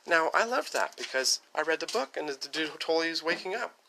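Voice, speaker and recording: Rambling, profane man with a bright voice. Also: on the high side, animated, slight background noise. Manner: rambling, profane, fast-talking. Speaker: vlogger. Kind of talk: casual rant to camera.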